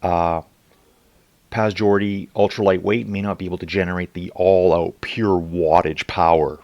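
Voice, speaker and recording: A man's voice: sits low, little pitch movement, moderate pace, a little mellow, no room sound, lo-fi sound. A middle-aged man hosting casual, rambling commentary on a virtual bike race, full of filler "uh"s and asides to his viewers. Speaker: channel host and race commentator.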